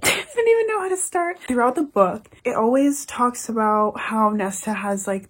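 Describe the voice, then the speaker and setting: Emotional young woman with a husky voice. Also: mid-range voice. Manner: gushing, emotional, swears freely. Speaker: book reviewer. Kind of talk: casual book review chat.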